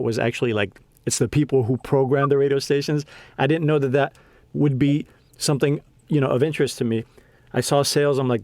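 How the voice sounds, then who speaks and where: A young man hosts a podcast and talks with warm, emotional sincerity, stumbling over his words and circling back as he goes. His voice sits at an average pitch for a man. The recording is dry and close, with no room sound. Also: no room sound. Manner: heartfelt, halting with many restarts. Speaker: podcast host. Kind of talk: casual conversation.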